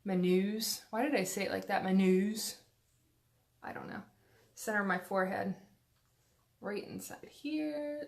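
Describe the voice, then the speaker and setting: At home, a chatty woman talks through a casual live-stream makeup tutorial, full of fillers, asides and self-deprecating jokes. Her gravelly voice sits at an ordinary middle pitch, picked up by a phone camera with slight background noise.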